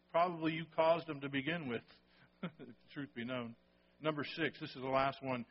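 A man preaching in church with a slightly high voice, talking to his congregation like a conversation. He often checks in with "okay?" and "right?" The sound is dull and lo-fi. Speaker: pastor. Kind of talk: sermon.

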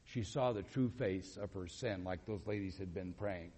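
A man's voice: low-pitched, moderate pace, husky. A man preaching a sermon, telling a story, acting out the quotes and asking the congregation questions. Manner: animated, acts out quotes, asks the audience questions. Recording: long hall reverb.

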